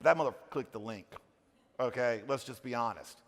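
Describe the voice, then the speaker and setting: A middle-aged man giving an energetic, jokey conference keynote, swinging between hushed asides and shouting. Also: medium pitch, moderate pace. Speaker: conference speaker. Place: large conference hall. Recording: long hall reverb. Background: hall reverb.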